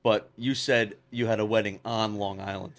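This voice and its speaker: A man's voice: fairly low pitch, steady tone, normal speed. A man co-hosting a podcast, stubborn and teasing in casual chat. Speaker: podcast co-host.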